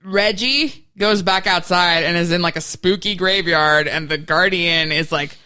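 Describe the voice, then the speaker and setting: A woman's voice: lowish voice, unhurried, bright, forceful tone, smooth. A woman co-hosting a movie podcast, chatty as she recaps scenes in casual banter. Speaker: podcast co-host.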